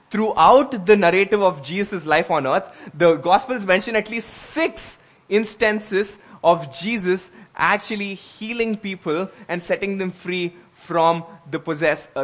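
A man's voice: high-pitched, unhurried, a bit bright. A man preaching a sermon as pastor, earnest and conversational, with emphatic rises.

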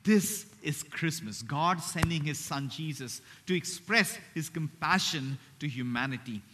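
A man preaching a sermon, earnest, slowing down and dropping to a hush on key phrases. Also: on the high side, slight background noise. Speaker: pastor.

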